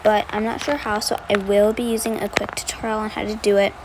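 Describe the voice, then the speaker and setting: A woman's voice: mid-range voice, little pitch movement, a little fast, background noise. A young woman, chatty and self-deprecating, narrating an editing tutorial over her screen. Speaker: video editing tutorial creator.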